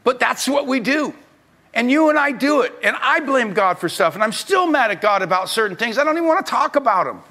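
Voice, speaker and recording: A middle-aged male pastor preaching a sermon, swinging between loud urging and quiet, confessional talk. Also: extremely high pitch, very animated, brisk.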